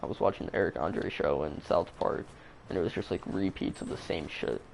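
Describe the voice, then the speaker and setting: A man's voice: low-pitched, a little fast, darkish tone, a little hiss or hum. A man telling a story in a casual, rambling way, swearing a lot and using plenty of fillers. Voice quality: creaky. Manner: rambling, profane, full of fillers.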